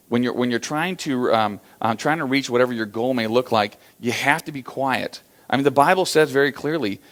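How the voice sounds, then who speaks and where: Animated American man telling stories. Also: medium pitch. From USA. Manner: animated storyteller acting out quotes, many fillers. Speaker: motivational business speaker. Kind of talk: storytelling keynote talk.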